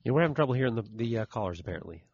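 A man chiming in as co-host on a radio show with quick, offhand asides. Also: mid-range voice, expressive, husky, dry recording, lo-fi sound. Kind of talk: casual studio banter.

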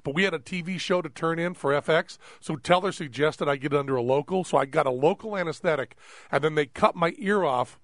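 A man hosting a casual radio chat, telling stories in an animated way and laughing often. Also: fairly high pitch, brisk, no echo, studio quality. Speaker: radio host.

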